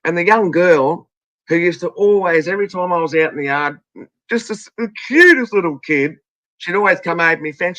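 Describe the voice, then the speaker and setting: A woman's voice: fairly low pitch, normal speed, a bit bright, no echo. A woman with an Australian accent, telling stories in casual chat, swearing freely and acting out other people's voices.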